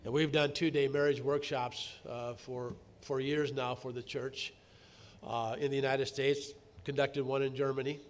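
A middle-aged male pastor preaching a sermon, telling stories and swinging from quiet asides to loud emphatic bursts. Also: mid-range voice, little pitch movement, moderate pace.

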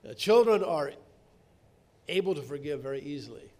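A middle-aged man preaching a sermon, earnest, slowing down to stress key words and rising to emphatic peaks. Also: fairly high pitch, animated, dark tone.

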